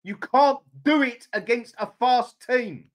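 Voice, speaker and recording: A furious man in middle age tears into his team's tactics with blunt, sweary anger. His voice sits high for a man, and he sounds openly fuming as he rants to his live audience. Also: takes it slowly. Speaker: fan channel host. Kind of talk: angry live-stream football rant.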